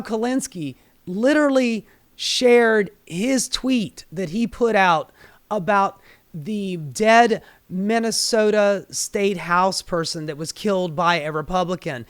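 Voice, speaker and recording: A woman in a heated political rant, swearing freely and swinging from low, grumbling asides to sudden loud peaks. Her voice sounds strained and worn. She is recorded close and dry, with no room sound around her. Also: slow pace, dry recording. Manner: profane, fired-up, swings between muttering and shouting. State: voice getting strained. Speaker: political commentary host.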